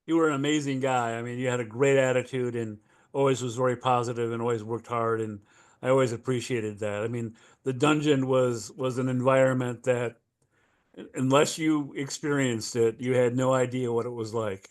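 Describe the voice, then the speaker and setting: A man in his seventies, a former coach, looking back on his coaching days in a relaxed, matter-of-fact way. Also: medium pitch, moderate pace. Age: 70s. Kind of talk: casual reminiscing.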